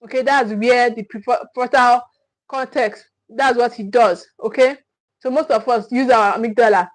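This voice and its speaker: Nigerian woman, parenting coach on a live stream, fairly high voice, repetitive and emphatic delivery. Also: normal speed, rough recording. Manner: repetitive, emphatic, thanks viewers often. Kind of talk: live-stream teaching talk.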